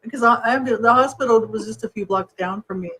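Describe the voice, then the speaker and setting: A middle-aged woman co-hosting a podcast, chatting casually and telling animated stories with frequent laughter. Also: fairly high pitch, fairly quick, slightly rough, low-quality recording. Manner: animated storyteller, laughs often while talking. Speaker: podcast co-host. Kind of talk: casual chat.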